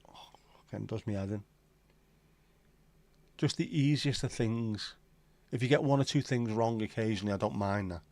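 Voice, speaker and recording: A middle-aged man with a Liverpool accent talks casually to his livestream viewers, with a lowish voice and a dry, close sound. He rambles through blunt opinions, swearing freely. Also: normal speed, darkish tone, dry recording. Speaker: livestream host. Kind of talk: casual chat to a live audience.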